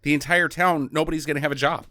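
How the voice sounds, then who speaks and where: Sarcastic American man, smooth voice. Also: on the high side, fast, no room sound, clean studio sound. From United States. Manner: sarcastic, lively storytelling. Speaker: podcast host. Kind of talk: casual movie review chat.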